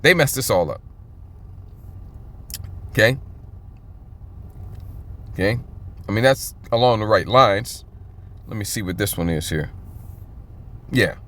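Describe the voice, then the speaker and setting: A man teaching from the Bible in an informal, emphatic way, often checking in with "okay?" and reading verses slowly and drawn out. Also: lowish voice, a bit bright. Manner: reads scripture aloud slowly and stretched out.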